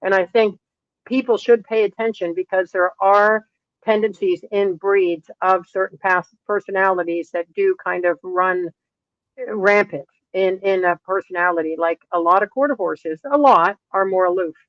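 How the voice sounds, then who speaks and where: Middle-aged woman horse trainer, lively storyteller, muffled dry recording. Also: mid-range voice, moderate pace, no room sound. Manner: lively storyteller acting out quoted dialogue. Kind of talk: interview storytelling. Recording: dull, dry lo-fi sound.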